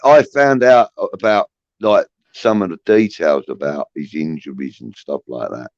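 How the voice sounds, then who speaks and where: A man's voice: a bass voice, moderate pace, creaky, a little mellow, dry recording, lo-fi sound. A man hosting a casual livestream, rambling with many restarts and swearing, reading out chat comments. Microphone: phone.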